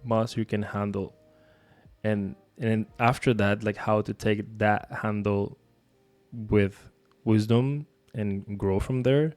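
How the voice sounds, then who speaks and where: Low-voiced man from Nicaragua, reflective. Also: fairly even intonation, takes it slowly, a little mellow. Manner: loose, searching, restarts and fillers. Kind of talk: casual reflective chat.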